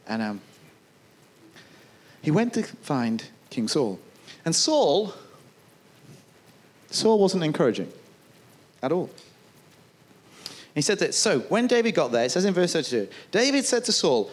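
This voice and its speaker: A man preaching a sermon, retelling a Bible story with lively asides and putting on quick voices for the people in it. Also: a little high. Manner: acts out voices of soldiers and kings; chuckles and asides.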